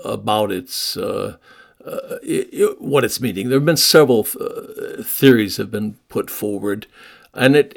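A man who guides walking tours, giving a short evening talk, speaking haltingly with many uhs and restarts and spelling words out. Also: medium pitch, creaky. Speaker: London walking tour guide. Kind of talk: short nightly talk on place names.

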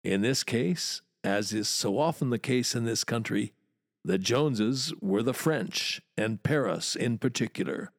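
A man's voice: mid-range voice, a little slow, no echo, clean studio sound. A man hosting a history podcast, narrating in a wry, chatty storyteller's manner with playful asides. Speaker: podcast host and walking tour guide.

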